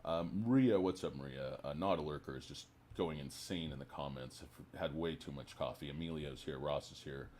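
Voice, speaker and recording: A man's voice: extremely low pitch, moderate pace, hardly any pauses, a little mellow, a little hiss or hum. A man hosting a casual livestream, brash and joking as he rambles. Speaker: livestream host.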